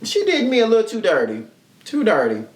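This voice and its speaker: Male podcast host, casual comic storyteller with a swooping, lively voice and plenty of profanity, recorded in an echoey room. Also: high-pitched, brisk. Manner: animated, profane, acts out quoted people. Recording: roomy echo.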